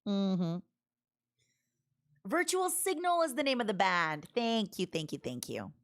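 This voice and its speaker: Woman, casual livestream chat, lively swooping pitch, giggly, talks to her chat. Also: a little slow. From Canada. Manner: chatty, animated, laughs often, reads chat aloud. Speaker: streamer.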